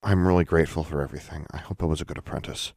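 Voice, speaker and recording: A man's voice: rumbling low, fairly even intonation, very fast, gravelly, darkish tone, no room sound, clean studio sound, heavily acted. A man voicing a sixteen-year-old witch girl who is blunt and unsure of herself, with a wry, plainspoken manner.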